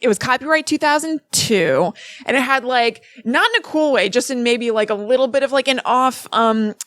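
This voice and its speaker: A woman's voice: fairly high pitch, moderate pace, fairly bright tone, dry recording. A woman co-hosting a casual podcast, talking in a loose, rambling way with plenty of fillers. Her voice sounds dry and close, with no room around it. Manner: chatty, rambling, many fillers and laughs. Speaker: podcast co-host. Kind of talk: casual chat.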